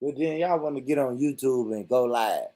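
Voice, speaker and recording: A man of medium pitch speaking at a normal speed hosts his own vlog. He delivers an animated, comedic rant packed with swearing and frequent bursts of laughter.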